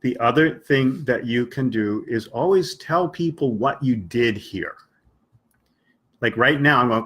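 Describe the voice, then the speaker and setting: A man with a slightly husky voice teaches English live to viewers online, with a middle-pitched tone. He talks patiently, sometimes slowing down on purpose to show a point, and acts out little exchanges to make it clear. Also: expressive, a bit bright. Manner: patient, explains slowly with spoken examples and acted-out dialogues. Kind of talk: live-stream teaching talk.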